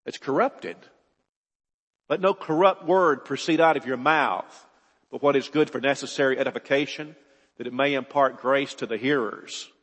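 Male preacher, husky, mid-pitched, earnest with emphatic bursts; reverberant church hall. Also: normal speed, fairly bright tone. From United States. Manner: earnest, repeats words, rises to emphatic bursts. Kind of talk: sermon.

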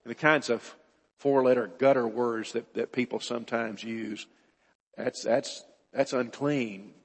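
Male preacher, husky, mid-pitched, earnest with emphatic bursts; reverberant church hall. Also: steady tone, measured pace. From United States. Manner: earnest, repeats words, rises to emphatic bursts. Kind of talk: sermon.

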